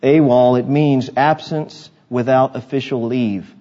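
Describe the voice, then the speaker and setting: A male pastor delivers a sermon from the pulpit, pressing his points with emphasis and breaking off for friendly asides to the congregation. His voice sits at an ordinary pitch for a man. The recording is a little dull and muffled. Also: moderate pace, a little mellow.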